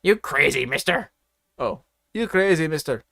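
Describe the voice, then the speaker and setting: A man's voice: a little high, lively intonation, moderate pace, creaky, pushed and bright, dry recording, clean studio sound, exaggerated voice. A man voicing a naive, good-hearted young exchange student who speaks cheerful, simple broken English. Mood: puzzled.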